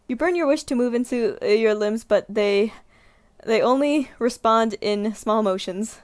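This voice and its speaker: A young woman streamer reading a visual novel aloud, giggling and reacting with animated outbursts. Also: on the high side, unhurried. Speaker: gaming streamer.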